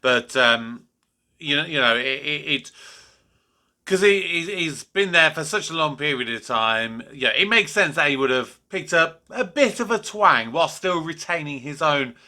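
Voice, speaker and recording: A man hosts a casual reaction video, his voice very bright and a little high. He talks it through loosely, restarting his phrases as he thinks. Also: animated, moderate pace. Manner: chatty, repeats words while thinking. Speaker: reaction channel host.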